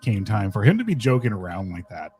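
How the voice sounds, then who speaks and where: A man co-hosting a casual podcast, talking in a rambling way with many halting restarts. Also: fairly low pitch, big pitch swings, a little mellow. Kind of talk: casual chat.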